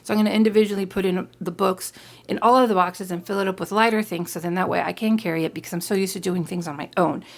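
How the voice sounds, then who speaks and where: Woman, tarot reader, chatty, animated, gravelly. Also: medium pitch, fast talker. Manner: chatty, animated, talks straight to viewers. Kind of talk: casual tarot reading.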